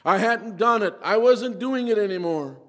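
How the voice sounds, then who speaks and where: A man giving an emotional sermon testimony, his delivery swinging from quiet and low to urgent, pleading intensity. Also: moderate pace. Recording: long hall reverb.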